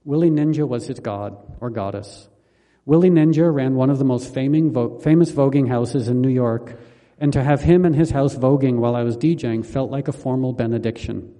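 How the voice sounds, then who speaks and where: A man reading his own memoir aloud in a calm, measured, wry manner. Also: mid-range voice, in a large hall. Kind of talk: memoir audiobook narration.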